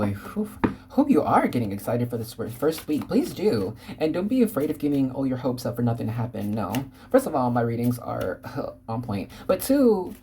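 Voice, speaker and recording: Low-voiced bubbly woman tarot reader. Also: dark tone, a little hiss or hum. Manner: bubbly, rambling, giggly. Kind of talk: casual tarot reading to viewers.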